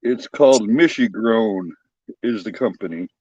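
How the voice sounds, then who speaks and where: A man's voice: on the low side, measured pace, darkish tone, breathy edge, no echo. A man calling in to a livestream, chatting in a laid-back, joking, swearing way. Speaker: guest caller on a stream. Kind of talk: casual chat. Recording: dull lo-fi call audio.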